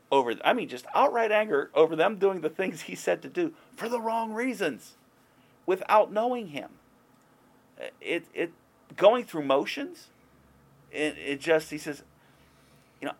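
A man's voice: high voice, expressive, measured pace, pauses often. A man preaching an informal sermon in a conversational way, growing heated and emphatic as he goes. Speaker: pastor.

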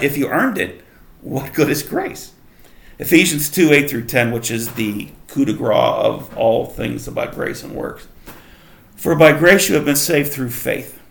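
A man's voice: medium pitch, vocal fry, a bit bright, reverberant. A man leading a casual Bible study, reading verses aloud and explaining them in a conversational way. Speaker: Bible teacher.

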